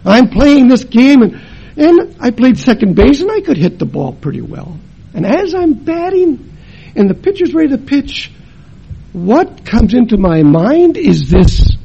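Gravelly, animated preacher man. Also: very high voice, unhurried, highs cut off. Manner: dramatic, swings between loud emphasis and hushed tones; acts out family members' voices in his story. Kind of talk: sermon with personal testimony.

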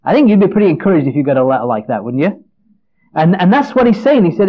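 A man's voice: high voice, very animated, quick pace. A man preaching an earnest Bible-teaching sermon, often restarting and repeating words as he explains a passage. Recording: dull lo-fi recording.

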